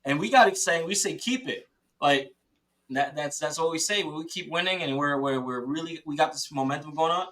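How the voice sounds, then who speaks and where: A man talking casually on a podcast, telling a rambling, excited story with many restarts and laughs, and acting out what his teammates said. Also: a little high, fairly quick. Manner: quotes teammates in lively voices. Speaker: podcast guest, paintball player.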